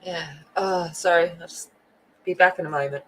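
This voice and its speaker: A woman's voice: on the low side, fairly even intonation, moderate pace, a bit bright, poor audio. A woman hosting a coloring livestream, chatting casually and greeting viewers by name. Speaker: livestream host. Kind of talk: casual chat while coloring.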